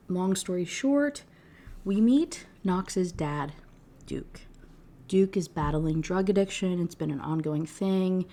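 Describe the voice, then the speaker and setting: A woman giving a casual, profane rant review, retelling scenes with sarcastic asides and quick put-on voices. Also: mid-range voice, warm tone. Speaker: book reviewer.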